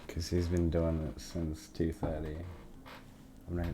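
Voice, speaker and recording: Very deep-voiced man cooking on a livestream. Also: measured pace, long pauses, slight background noise, low-quality recording. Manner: relaxed, chatty, answers chat while cooking, swears casually. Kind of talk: casual live-stream chat. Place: home kitchen.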